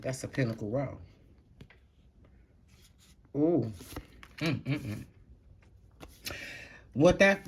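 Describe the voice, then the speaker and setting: A tarot reader with an extremely low-pitched voice does a casual reading to camera, speaking bluntly in slang and swearing freely. She shifts between calm stretches and loud outbursts.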